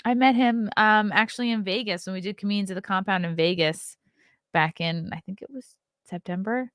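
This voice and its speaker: A woman's voice: medium pitch, a little fast, fairly bright tone, no echo, studio quality. A woman in her thirties, a comedian hosting a casual livestream show, who reads viewer comments aloud and chats back. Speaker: podcast host and comedian.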